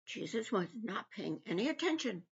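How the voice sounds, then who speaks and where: A woman's voice: mid-range voice, sing-song, normal speed, vocal fry, slightly rough. A woman giving an earnest personal devotional talk, retelling scripture. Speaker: devotional speaker. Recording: dull lo-fi recording.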